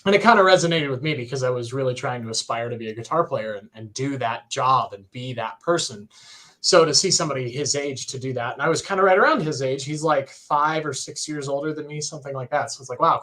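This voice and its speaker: A young man telling a story in a casual, excited way on a podcast livestream, full of fillers and acted-out quotes. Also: medium pitch, fast. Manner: excited, animated retelling with many fillers. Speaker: podcast co-host.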